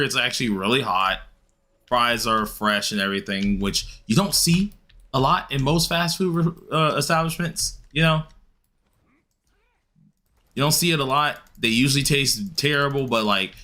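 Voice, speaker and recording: A young man talks through a game stream in loose, rambling chat, his pitch swinging widely as he leaps into excited high yelps. His tone is bright and edgy, with a clear, forward ring. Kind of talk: casual gaming stream chat.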